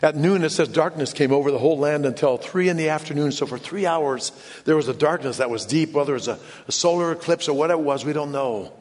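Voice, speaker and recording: A man preaching a sermon in an earnest way, often dropping to hushed low tones for emphasis. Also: fast talker. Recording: long hall reverb.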